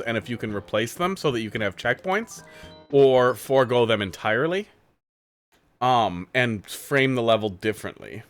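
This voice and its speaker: A man's voice: mid-range voice, fairly bright tone. A man streaming live, playing viewer-made game levels and giving rambling, candid critique in a casual way.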